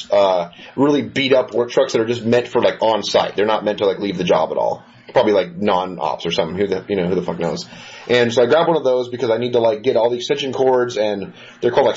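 Man, podcast co-host, quick rambling stories, swears a lot, dull lo-fi sound. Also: fairly low pitch. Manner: profane, rambling, animated storyteller. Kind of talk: casual storytelling chat. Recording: muffled lo-fi recording with faint hiss.

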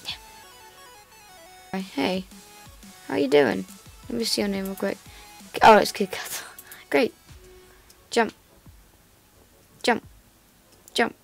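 A woman's voice: medium pitch, slow, vocal fry, long pauses. A woman giving casual, playful gameplay commentary, chatty and self-mocking as she plays. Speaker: gamer. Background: faint background music.

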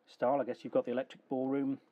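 A man hosting a radio interview who talks quickly and affably, with many hesitant fillers. His voice is husky and mid-pitched, and the recording has a dull, lo-fi sound. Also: little pitch movement, mellow. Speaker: radio show host. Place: radio studio.

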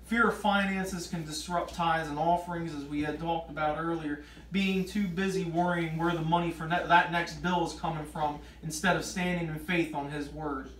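A man leads an informal Bible study. His voice sits high and turns emphatic as he explains the scripture. He sounds far from the mic in an echoey room with faint noise behind him. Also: normal speed. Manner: reads scripture aloud, then grows emphatic and animated. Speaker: preacher.

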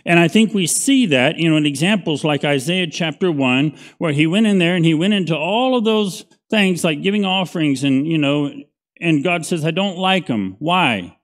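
Man, middle-aged, pastor, Bible study teaching, folksy and conversational, slightly high voice. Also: lively intonation, moderate pace. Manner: conversational, folksy, asks "right?" often.

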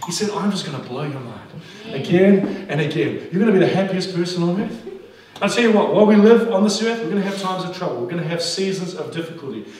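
With lots of laughter and exclamations, a high-voiced male pastor preaches energetically in a large church auditorium. The mic is some distance away, and the hall is very echoey.

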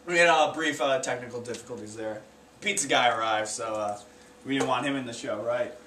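A man's voice: mid-range voice, a little fast, background noise. A teenage boy doing an amateur stand-up routine, stumbling and awkward with many fillers. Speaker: stand-up comedian. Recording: echoey room, taped from far off.

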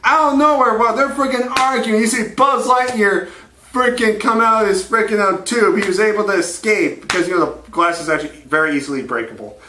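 Male storyteller, high-pitched and sharp, crude and rambling, laughing between lines; roomy echo. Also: recorded from a distance, a little hiss or hum. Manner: crude, rambling, laughing often, doing quick character voices. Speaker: host. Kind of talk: improvised comic storytelling. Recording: echoey room.

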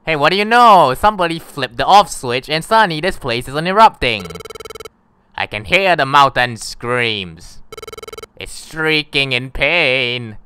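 A man voicing a wrathful male legendary fire bird from a video game, making slow, grandiose pronouncements. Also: fairly high pitch, lively intonation, pushed and bright, clean tone, no room sound.

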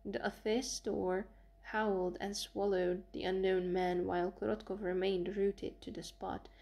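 A woman narrating an audiobook in an even, measured reading. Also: medium pitch, creaky. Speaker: audiobook reader.

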